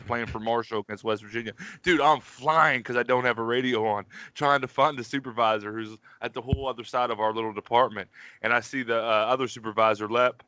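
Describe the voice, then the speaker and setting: Rambling, profane Pittsburgh guy with a bright voice. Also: mid-range voice, smooth, dry recording. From Pittsburgh, USA. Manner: profane, rambling, uses 'dude' constantly. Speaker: podcast co-host. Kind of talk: casual storytelling chat.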